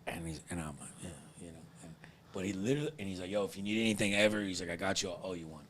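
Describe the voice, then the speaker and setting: A man with a low but bright, forceful voice, hosting a casual podcast. He rambles through a crude story and mocks himself as he goes. There is a faint hiss under the voice. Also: very fast. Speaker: podcast host.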